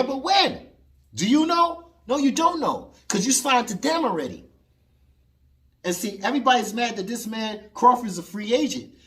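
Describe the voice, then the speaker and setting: Male vlogger, opinionated boxing commentary, expressive up-and-down delivery, emphatic. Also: high-pitched. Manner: animated, emphatic, argues with an imagined listener.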